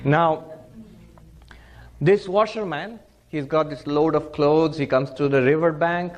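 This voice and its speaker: A man's voice: a little high, slow pace. A monk giving a spiritual discourse, telling stories animatedly and chuckling as he teaches. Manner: animated storyteller who laughs and chuckles.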